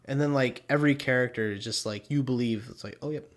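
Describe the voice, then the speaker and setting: A young man co-hosts a podcast, chatting casually and laid-back, swearing often and laughing a lot. His voice is mid-range and fast.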